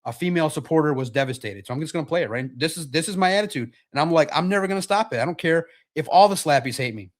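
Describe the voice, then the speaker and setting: A man hosting a sports podcast live stream, chatting casually in an animated, repetitive way with frequent restarts. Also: fairly high pitch, rapid-fire, hardly any pauses.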